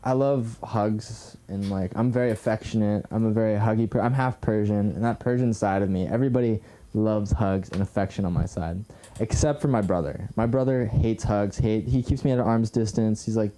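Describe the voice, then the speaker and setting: A woman's voice: extremely low pitch, fairly quick, warm tone, a little hiss or hum. A young woman doing an awkward, chatty stand-up comedy set on a club stage. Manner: awkward, chatty, laughs often. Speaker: stand-up comic.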